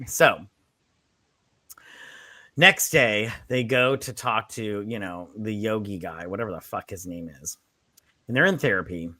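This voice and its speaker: Bright-voiced man recapping a movie. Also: on the low side, measured pace, pauses often, dry recording. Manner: rambling, retells scenes with quoted voices and swearing. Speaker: movie review co-host. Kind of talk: casual drunk movie review chat.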